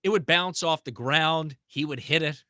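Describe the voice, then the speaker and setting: Upbeat sports radio host, casual and chatty, bright tone, close dry studio mic. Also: male voice, a little high, normal speed, no room sound. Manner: relaxed, chatty, self-deprecating. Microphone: studio broadcast mic.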